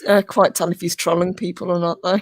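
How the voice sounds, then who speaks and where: A woman with a fairly low voice joins a casual chat as a guest and chimes in with short, agreeable remarks. Her voice is dry and close, with little room sound. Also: flat delivery, fast, no echo. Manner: brief, agreeable interjections. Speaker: stream guest.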